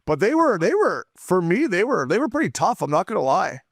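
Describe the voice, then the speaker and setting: A man's voice: high-pitched, very animated, fairly quick, no room sound, clean studio sound. A man hosting a casual podcast, trading crude, teasing banter with the guest. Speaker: podcast host.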